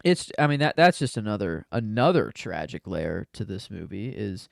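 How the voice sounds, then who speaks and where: Male co-host, relaxed film chat, gravelly yet clear voice, dry close sound. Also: lowish voice, normal speed, no echo. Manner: easygoing, hesitant, many fillers and restarts. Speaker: podcast co-host. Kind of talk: casual film discussion.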